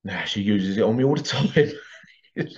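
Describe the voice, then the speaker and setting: A man's voice: lowish voice, lively intonation, a little slow, darkish tone, dull audio. A middle-aged man, casually telling stories to camera and breaking into laughter as he goes. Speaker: vlogger.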